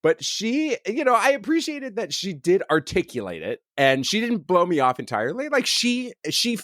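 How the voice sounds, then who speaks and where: A middle-aged man co-hosting a chatty podcast, his pitch swinging widely as he tells a story. He slips into playful voices for the people in it. The sound is close and dry. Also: normal speed, no echo. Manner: animated storyteller, acts out quotes in voices. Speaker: podcast co-host. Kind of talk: casual chat.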